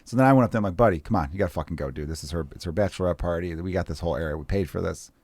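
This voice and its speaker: A man in his thirties telling profane, animated stories as a comedian guest on a casual podcast. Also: low-pitched, racing, no echo. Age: 30s.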